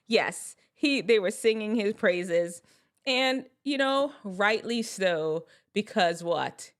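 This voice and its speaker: A woman's voice: on the low side, takes it slowly, a loud crowd, heavy background noise. A woman hosting a casual reaction video, chatty and rambling, often laughing. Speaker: video host.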